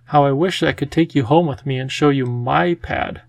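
A man voicing a charming, theatrical male cat with a genteel, drawn-out, fussy way of talking. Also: mid-range voice, creaky, dry recording, close to an everyday voice. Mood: coaxing.

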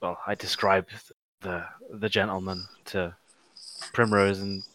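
A man playing a tabletop game, speaking hesitantly and low-key. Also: flat delivery, measured pace, pushed and bright, dry recording, low-quality recording. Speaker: player.

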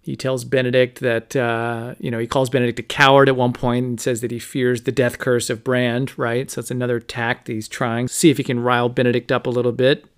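Guy on a podcast going over a book, pretty monotone, lots of likes and you knows. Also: medium pitch, a little fast, hardly any pauses, clean tone. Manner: conversational, many fillers like "you know" and "like". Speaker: podcast host. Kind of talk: casual book recap with read-aloud quotes.

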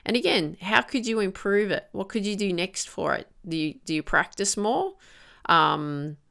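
A woman's voice: on the low side, creaky, a bit bright, smooth. A woman coaching golfers on their mental game, who works through one question after another and sometimes acts out an inner voice. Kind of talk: coaching monologue.

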